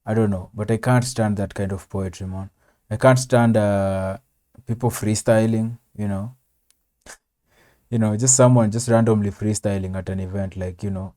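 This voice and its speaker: Low, mellow-voiced man reacting to a show. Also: steady tone, normal speed. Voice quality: says "man" and "bro" constantly, rambling with fillers. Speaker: reaction video host. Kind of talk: casual commentary over TV clips.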